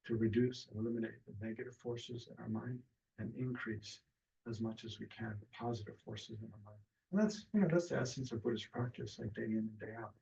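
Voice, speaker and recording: A man teaching a meditation class in a relaxed, hesitant way with many fillers and restarts, speaking over a video call. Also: lowish voice, gravelly. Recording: distant, dull lo-fi mic.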